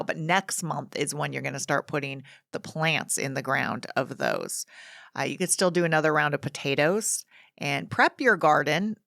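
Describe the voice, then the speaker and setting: A woman's voice: deep voice, vocal fry, fairly bright tone, no echo, clean studio sound. A woman hosting a gardening podcast, chatting in a rambling, casual way with frequent restarts. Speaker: garden show host.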